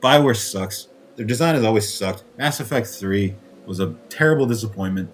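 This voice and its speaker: A man's voice: fairly low pitch, expressive, normal speed, slight background noise. A man ranting angrily about video games, swearing often and firing off rhetorical questions. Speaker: gaming commentator. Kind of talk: angry profane rant.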